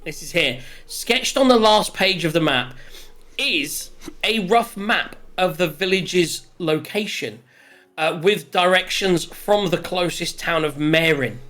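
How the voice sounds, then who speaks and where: A game master narrating a tabletop game, loose and halting, circling back before he lands the point. The pitch sits mid-range. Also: animated, fairly bright tone. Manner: loose, halting, full of restarts.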